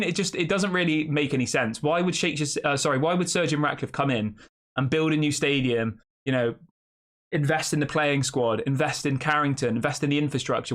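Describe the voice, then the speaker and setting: A man's voice: fairly high pitch, a bit bright. A man hosting a fan channel, giving casual opinion commentary, thinking aloud, often correcting himself and asking rhetorical questions.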